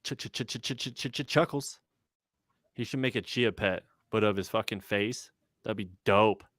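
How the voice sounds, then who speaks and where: A man's voice: on the low side, fairly even intonation, moderate pace, fairly bright tone, dry recording. A young man on a casual livestream chat, telling stories in a laid-back, slangy way full of "like" and swearing. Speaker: rapper and guest.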